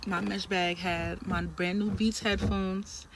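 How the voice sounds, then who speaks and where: Animated slangy woman telling a story. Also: mid-range voice, slow, a little hiss or hum. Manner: animated, slangy, emphatic retelling. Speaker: trucking trainee telling a story. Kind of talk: casual storytime vlog.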